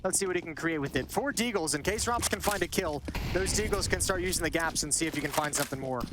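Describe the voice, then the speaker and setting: A man giving analytical color commentary on a match, chatty and quick, often repeating words as he thinks. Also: on the high side. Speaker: esports commentator. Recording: esports broadcast with clear background noise.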